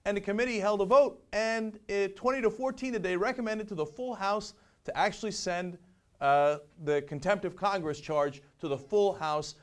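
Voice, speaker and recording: A man hosting a political web talk show, talking in an energetic, animated way with plenty of fillers. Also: sits high, normal speed. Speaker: show host.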